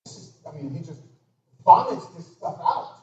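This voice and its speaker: A man preaching a sermon with great emphasis, swinging from loud exclamations to hushed near-whispers. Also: moderate pace. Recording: echoey hall, distant dull mic with noise.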